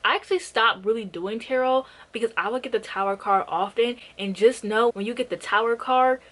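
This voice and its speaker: A woman's voice: a little high, fairly quick, a bit bright, rough recording. Blunt, sarcastic young woman ranting. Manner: blunt, sarcastic, swears a lot. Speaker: book reviewer. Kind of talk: casual rant review.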